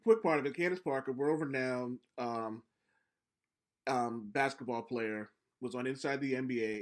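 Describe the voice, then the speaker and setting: A young man co-hosting a casual podcast, telling stories with lively acted-out quotes and frequent swearing. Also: mid-range voice. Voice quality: profane, animated storyteller acting out quotes. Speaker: podcast co-host.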